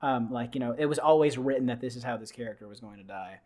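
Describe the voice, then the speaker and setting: A man on a podcast, excitedly retelling a film scene by scene, with lots of fillers and restarts. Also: mid-range voice, fast talker. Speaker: podcast host. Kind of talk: casual podcast chat.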